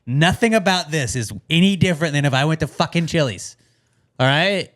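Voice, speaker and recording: A male podcast co-host reading out listener questions in a loose, joking way. His voice sits a little higher than most men's, and he talks casually, swearing freely and riffing with his co-host. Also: lively intonation, a little fast, fairly bright tone.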